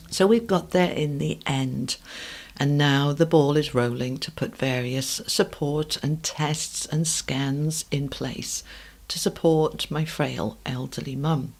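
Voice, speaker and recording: A middle-aged British woman hosting a podcast, telling a personal story in a calm, measured way that sometimes drops to a soft hush. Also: sits low. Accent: British English. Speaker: podcast host.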